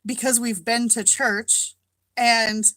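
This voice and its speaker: A woman's voice: fairly high pitch, steady tone, slow pace, fairly bright tone, dry recording, low-quality recording. A woman from Minnesota hosting a casual live-stream chat from home, greeting viewers by name and laughing often.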